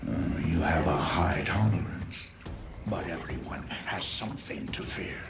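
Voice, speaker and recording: An actor voicing a creepy man villain of fear in a video game, speaking low in a menacing half-whisper. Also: a little slow, very noisy.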